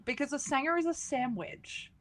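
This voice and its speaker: A woman's voice: high voice, normal speed, a bit bright. An Australian woman who is a guest on a casual stream chat, playful and teasing, swearing freely.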